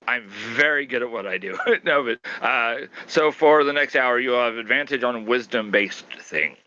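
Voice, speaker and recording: A man playing a tabletop game, talking in a measured, polite way in casual chat. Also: mid-range voice, pushed and bright. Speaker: player. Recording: dull, dry lo-fi mic.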